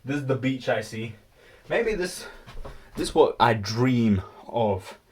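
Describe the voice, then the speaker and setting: A man's voice: animated, slow pace, a little hiss or hum. A young man casually retelling a story in his vlog, rambling and slangy, full of ums and restarts. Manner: puts on squeaky high voices for quoted characters. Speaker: vlogger.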